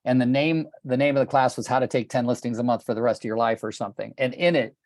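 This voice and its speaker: A man's voice: medium pitch, fairly even intonation, quick pace, darkish tone, no room sound. An older man leads a coaching call, telling his stories with blunt passion and the odd curse word. His voice sits in the middle range and the sound is dry and close, with no room around it. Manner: blunt, passionate, swears casually. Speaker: real estate coach. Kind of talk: group coaching call, storytelling. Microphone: video call.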